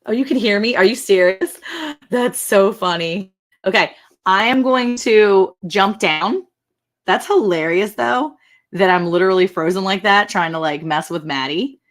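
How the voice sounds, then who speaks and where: A woman's voice: medium pitch, a little slow. A woman hosting a casual ranch livestream, chatty and laughing often as she greets viewers by name.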